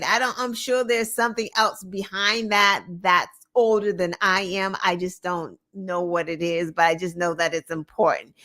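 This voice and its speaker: A woman from the United States hosts a show, offering casual, sarcastic political commentary full of filler words. Her medium-pitched voice sounds pushed and bright.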